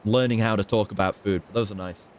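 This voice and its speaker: A man streaming a video game, thinking aloud in casual, halting commentary. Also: fairly low pitch, fairly even intonation, a little hiss or hum.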